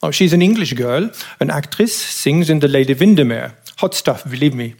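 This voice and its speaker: A man's voice: on the high side, lively intonation, normal speed, vocal fry, darkish tone. A man voicing a vain, self-satisfied young womanizer who talks in a lazy drawl. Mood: smug.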